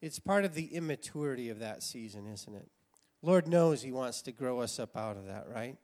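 An American man in his sixties telling a personal story as a sermon, animated and laughing often. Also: medium pitch, moderate pace. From United States. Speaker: preacher.

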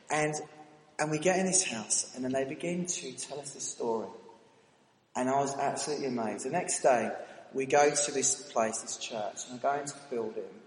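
A British man telling a lively, self-mocking story during a sermon at church. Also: medium pitch. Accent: British English. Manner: animated, anecdotal, self-mocking. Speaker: church speaker. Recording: reverberant hall, faint ambience.

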